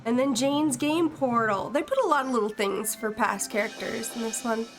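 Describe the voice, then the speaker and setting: A woman's voice: on the high side, normal speed, faint music behind. A woman game streamer chatting casually and giggling during a live-stream playthrough, greeting viewers as she plays. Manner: chatty, giggly, reads in-game texts aloud. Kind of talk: casual live-stream chat over gameplay.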